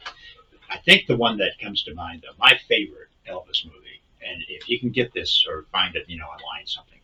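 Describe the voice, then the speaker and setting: A man in casual comedic podcast chat, spinning rambling deadpan tall tales. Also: sits low, a little fast, muffled recording.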